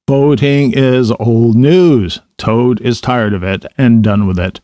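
A man's voice: mid-range voice, slow, warm tone, no room sound, studio quality, close to an everyday voice. A man voicing a friendly, sensible male water rat who explains things plainly to a friend. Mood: knowing. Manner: explaining, matter-of-fact.

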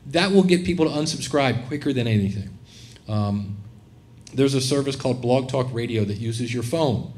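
Animated man giving a casual talk. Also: medium pitch, moderate pace. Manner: animated, acts out quoted voices. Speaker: conference presenter. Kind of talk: casual live talk to an audience. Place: conference room, live session.

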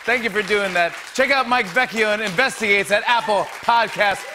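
A man hosting a late-night show, shouting excited praise for a guest over band music. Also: sits high, moderate pace, crowd noise. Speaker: talk show host.

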